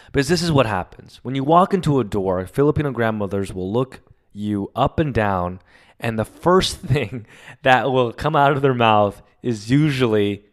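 Man, solo podcast host, confessional, rambling, emotional, smooth clear voice, mid pitch. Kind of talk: casual solo podcast monologue.

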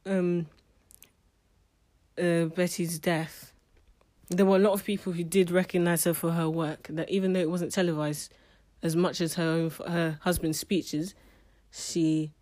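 A woman's voice: on the low side, steady tone, unhurried, mellow. A woman giving a casual spoken book review, chatty and emotional, often restarting her sentences.

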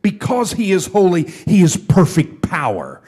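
A man's voice: high voice, huge pitch swings, measured pace, breathy edge. A man preaching a sermon, teaching from scripture, repeating phrases for emphasis. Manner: builds from quiet teaching to loud fervent preaching. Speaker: pastor.

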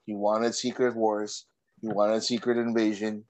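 A man co-hosting a casual movie podcast, explaining slowly with drawn-out hesitations. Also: fairly low pitch, level tone, a little mellow, poor audio.

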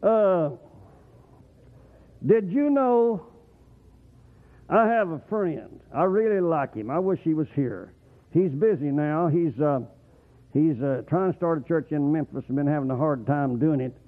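A man preaching a folksy, rambling sermon as the pastor, getting excited and whooping at times. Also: fairly high pitch, measured pace, long pauses. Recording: tinny phone-like radio broadcast.

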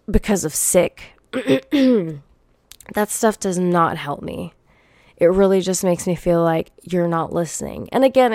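A woman's voice: lowish voice, darkish tone, dry recording, clean studio sound. A young woman hosting a solo podcast, venting bluntly and profanely while coming down with a cold. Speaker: podcast host.

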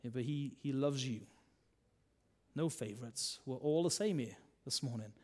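A man, a minister preaching a sermon in a chatty style, full of tag questions and swings between loud and soft. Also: mid-range voice, normal speed.

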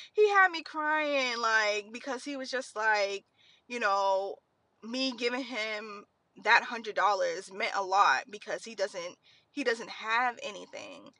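A woman's voice: a little high, animated, takes it slowly, pushed and bright, dry recording. A young woman hosting a podcast, telling a heartfelt personal story in a rambling, casual way while tearful, recorded in a car. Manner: rambling, heartfelt, frequent fillers. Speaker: podcast host.

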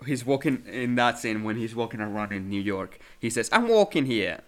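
A man's voice: lowish voice, fairly even intonation, a little fast, a bit bright. A man chats about a movie on a podcast, speaking English as a second language. He hesitates often, restarting his sentences and filling gaps with "um" and "uh". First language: not English. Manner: hesitant, many fillers and restarts. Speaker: podcast co-host. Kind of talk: casual film discussion.

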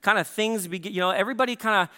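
A man preaching an earnest sermon in church, pressing his points with repeated words and quick restarts. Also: high voice, sharp tone, smooth. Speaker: pastor. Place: church sanctuary.

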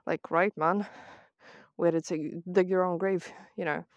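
A woman with a British accent talks on a walk outdoors, ranting with plenty of swearing and sarcasm. Her voice sits a little low. It is a casual voice memo on a phone, dry and close. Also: fairly even intonation, slow pace, no room sound, highs cut off. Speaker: vlogger. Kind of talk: casual voice-memo chat while walking.

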